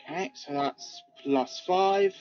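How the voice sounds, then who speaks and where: A man's voice: high voice, takes it slowly, a little mellow. A man playing a tabletop game, stating his actions in a terse, matter-of-fact way. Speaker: player. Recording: dull lo-fi call audio with faint music.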